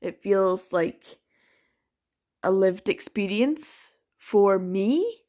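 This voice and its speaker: Young scottish woman from the western isles, chatty book vlog, thinks out loud, trails off a lot. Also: mid-range voice, expressive, very slow. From Isle of Lewis, Scotland. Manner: chatty, reflective, trails off and restarts often. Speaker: book vlogger. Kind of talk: casual reading vlog chat.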